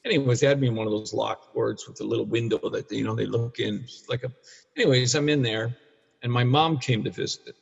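A man's voice: mid-range voice, a little fast, vocal fry, breathy edge. A man in his sixties from Canada telling a hard personal story as a guest, rambling and restarting, blunt and sometimes profane. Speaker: guest, addiction counselor for men. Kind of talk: candid storytelling in conversation. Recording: dull, echoey room recording.

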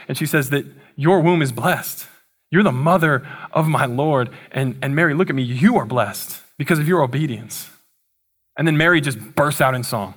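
A man's voice: medium pitch, moderate pace, a bit bright, husky. A young man preaching a sermon in a casual, conversational way, with playful asides. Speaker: pastor.

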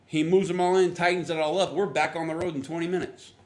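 The pastor's tone stays steady while his pace is quick. In a relaxed sermon, he shares something from his own life and performs the dialogue, lifting his pitch for each quote.

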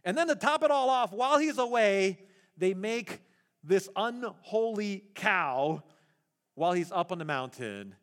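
A man preaching a sermon as pastor, animated and acting out the voices in the story, laughing at his own retellings. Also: high-pitched, measured pace.

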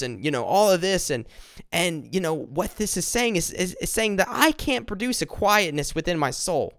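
Man, casual devotional sermon, earnest, repeats himself, fairly high voice, dry close sound. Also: animated, fairly bright tone, no room sound. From upstate South Carolina, US. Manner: earnest, repeats words, slows down for scripture. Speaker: devotional speaker.

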